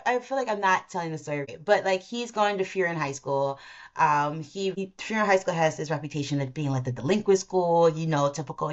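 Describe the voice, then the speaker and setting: A woman with a notably low voice hosts a casual solo podcast. She talks in a chatty, rambling way and often stops to correct herself mid-thought. The recording sounds slightly dull and lo-fi. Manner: chatty and rambling, self-interrupting. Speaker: podcast host.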